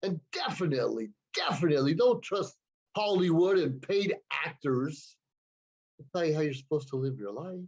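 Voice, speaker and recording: A man's voice: a little high, lively intonation, moderate pace, a little mellow, slightly rough, dull audio. A man hosting his own show, talking alone to the camera in an earnest, moralizing way, often repeating a word as he gathers his thoughts. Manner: earnest, moralizing, repeats words while thinking. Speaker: show host. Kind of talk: preachy solo talk to camera. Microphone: computer camera.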